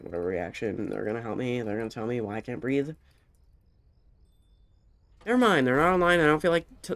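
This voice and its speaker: A young man commentating on his game, rambling and interrupting himself, short of breath. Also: mid-range voice. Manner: rambling, self-interrupting, animated. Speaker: gamer streamer. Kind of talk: casual gameplay commentary.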